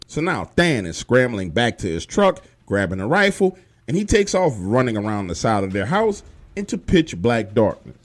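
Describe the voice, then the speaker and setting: A man's voice: mid-range voice, big pitch swings, moderate pace. A man telling a first-person true horror story in casual, profane street slang, speaking directly to the listener. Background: faint music.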